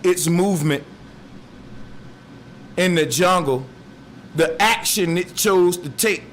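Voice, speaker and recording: A man's voice: a little high, a bit bright, slight background noise. Musing man in a philosophical monologue. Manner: slow, musing, streetwise slang. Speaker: speaker.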